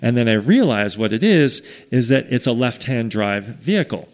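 American male storyteller, mid-pitched, loose and animated, restarts a lot. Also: normal speed. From United States. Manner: animated, rambling with restarts, acts out quotes. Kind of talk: casual spoken travel story.

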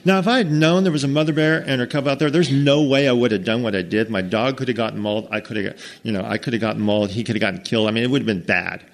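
A man's voice: medium pitch, rapid-fire, hardly any pauses. An American man telling a comic camping story to an audience, acting out the characters and sounds as he goes. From United States. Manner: animated, acts out every character and sound.

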